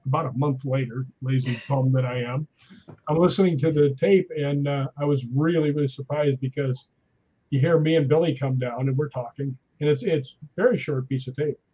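A man's voice: mid-range voice, brisk, breathy edge, lo-fi sound. A man telling ghost-hunting stories in casual chat, acting out what people said. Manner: animated anecdotes with acted-out quotes. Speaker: guest.

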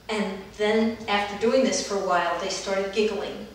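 A middle-aged woman therapist recounts a therapy session in a calm, gentle storytelling manner. Her voice sits at an ordinary pitch for a woman. It carries a heavy room echo and is heard from some distance away from the mic. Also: normal speed, hardly any pauses, noisy background. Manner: calm, gentle storytelling, livelier when acting out children. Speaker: dance movement therapist.

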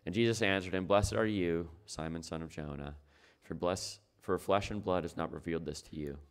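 A man's voice: deep voice, moderate pace. A man preaching a sermon as pastor, talking it through in a conversational way and asking his listeners rhetorical questions.

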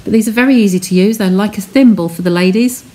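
A woman's voice: medium pitch, fast, darkish tone, soft background music. A woman chatting as she talks viewers through a craft technique step by step on a live stream from her home studio. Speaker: craft demonstrator.

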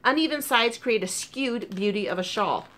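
A woman vlogger chatting casually about crochet projects, gushing and excitable with frequent ums, talking with a sore burnt tongue. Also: a little high, moderate pace. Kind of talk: casual chat.

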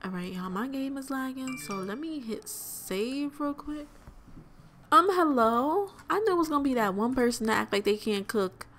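A woman's voice: high-pitched, lively intonation, moderate pace, a bit bright, slight background noise. A young woman hosting a let's play, giving chatty, exclamatory gameplay commentary straight to her viewers.

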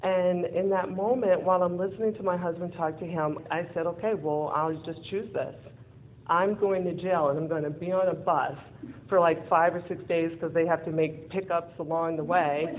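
A woman speaker at a live event, telling a personal story in an animated way, acting out the dialogue and laughing often. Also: on the low side, moderate pace. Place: event venue in front of an audience. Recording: tinny phone-like lo-fi audio with faint hiss.

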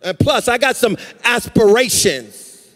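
A man's voice: very high voice, animated, a little slow, fairly bright tone, exaggerated voice. A male pastor voicing a brash, cocky disciple who talks back in an offhand, dismissive way. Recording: reverberant church hall.

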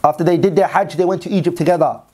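Speaking rapid-fire in a higher, slightly mellow voice, this Islamic teacher gives a sermon built around a religious story. He reads passages in Arabic, then translates and repeats them in English.

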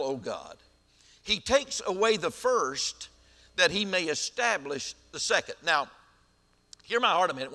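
A man preaches with a high, bright, ringing voice. He draws out his emphatic lines slowly and drops into quieter asides. The sound carries a long church-hall reverb. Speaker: senior pastor. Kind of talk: sermon.

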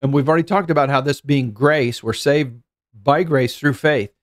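A man's voice: medium pitch, moderate pace. A middle-aged man preaching a sermon as pastor, earnest and thinking aloud, often repeating words as he goes.

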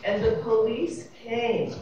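A woman's voice: a little high, level tone, takes it slowly, muffled recording, background noise. A woman, a panelist telling a rambling, wry anecdote with laughs. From New York City. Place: convention panel room, echoey. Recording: echoey room from far off, audience murmur.

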